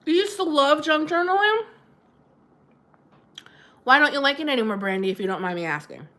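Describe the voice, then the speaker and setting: A woman's voice: high voice, lively intonation, normal speed, a bit bright. A middle-aged woman hosting a casual livestream, chatting and giggling as she answers viewers' comments. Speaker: livestream host.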